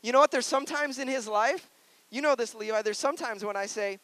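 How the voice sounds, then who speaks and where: A man's voice: very high voice, fairly quick, a bit bright. A male pastor preaching a sermon, playful and conversational, earnest and personal.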